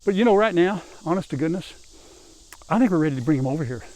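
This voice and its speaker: A man's voice: lively intonation, fast, darkish tone, no echo. Folksy older man chatting outdoors on a farm. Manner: folksy, chatty, calls out to animals in a high coaxing voice. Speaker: farm vlogger. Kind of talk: casual farm vlog, talking to camera while working. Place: outdoors on a farm, animal pen.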